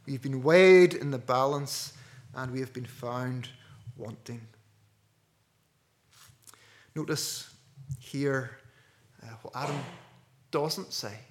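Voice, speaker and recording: A man preaching a sermon earnestly, dropping to a hush and rising to loud stresses. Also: mid-range voice. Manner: earnest, with wide swings between hushed and loud.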